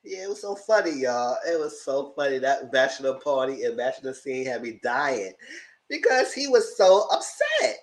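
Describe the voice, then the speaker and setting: Brief: lively TV reviewer, casual recap, pitch leaps all over, squeals and laughs while acting out scenes. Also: moderate pace. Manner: animated, acts out characters in squealing high voices; laughs through the story. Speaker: TV show reviewer.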